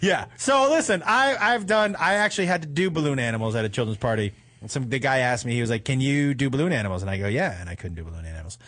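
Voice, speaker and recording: Animated joking man hosting a talk show. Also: medium pitch, fast, hardly any pauses. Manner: animated, profane, laughing through his stories. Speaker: host. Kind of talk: comedic storytelling on a talk show.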